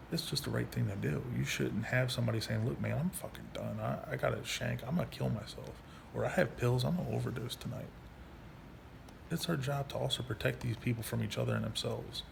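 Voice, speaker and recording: A man in his thirties telling his own story in a casual monologue, angry and profane, halting with frequent restarts. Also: mid-range voice, gravelly. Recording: faint background noise.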